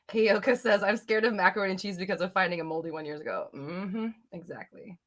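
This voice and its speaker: A woman's voice: medium pitch, a bit bright. A young woman hosting a live question-and-answer chat at home, reading viewers' comments aloud in a chatty, giggly way with lots of fillers and the odd swear. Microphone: desk microphone.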